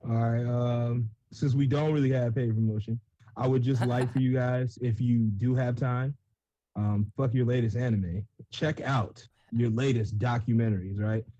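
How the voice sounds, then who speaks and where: A man's voice: medium pitch, fairly even intonation, moderate pace, mellow, no room sound, highs cut off. A man co-hosting a casual gaming chat, rambling and joking with lots of filler words. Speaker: co-host.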